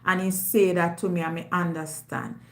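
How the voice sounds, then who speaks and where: A Jamaican woman hosting a live stream, talking in a loud, emphatic, forthright way. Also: lowish voice, little pitch movement, moderate pace. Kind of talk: casual live-stream chat. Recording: roomy echo.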